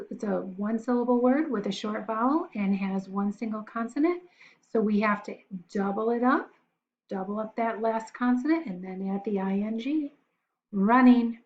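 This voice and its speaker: In a recorded lesson, a female teacher slowly spells words out one letter at a time for young children, encouraging them along the way. She has a mid-range voice, and the sound is lo-fi.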